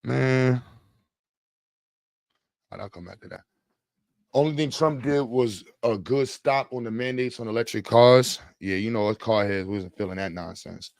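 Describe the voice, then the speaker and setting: A man's voice: mid-range voice, a little slow, gravelly, long pauses, a little mellow, dry recording, clean studio sound. A man hosting a casual livestream, chatting with viewers in a rambling, slangy, joking way. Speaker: livestream host. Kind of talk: casual live chat with viewers.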